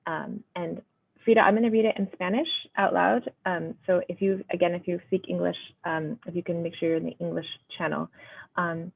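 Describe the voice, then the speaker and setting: A woman moderating an online meeting, calm and measured, passing on questions from the chat. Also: lowish voice, gravelly, slightly rough. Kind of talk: moderating and reading chat aloud. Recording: tinny phone-like line.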